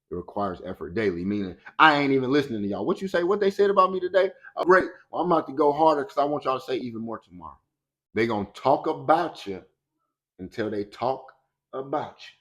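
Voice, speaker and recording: A man speaking as a motivational speaker in a colloquial, preachy way, acting out the voices he quotes. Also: lowish voice. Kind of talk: motivational talk.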